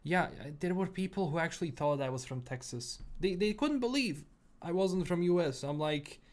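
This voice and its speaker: A man's voice: on the high side, expressive, moderate pace. A young man from Bosnia with a mixed, Bosnian-tinged English accent, chatting casually with viewers on a gaming livestream in an easygoing, rambling way. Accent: Bosnian-tinged English mixed with British and American sounds. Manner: easygoing, rambling, many fillers and repeats. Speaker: gaming streamer.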